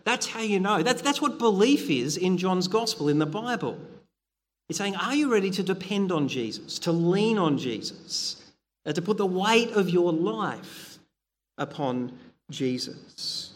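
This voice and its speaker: A man's voice: sits high, expressive, measured pace, big-room sound. A middle-aged man preaching a sermon, earnest and conversational, with frequent fillers and restarts.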